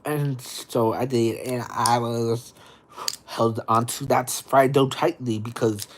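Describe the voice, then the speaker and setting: A woman streaming live, telling a story in an animated, flustered way. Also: very deep voice, slow pace, a little hiss or hum.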